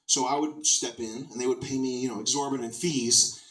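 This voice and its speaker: A man doing stand-up comedy, telling absurd stories in a deadpan, rambling way. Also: medium pitch, a little fast, roomy sound, recorded from a distance, poor audio.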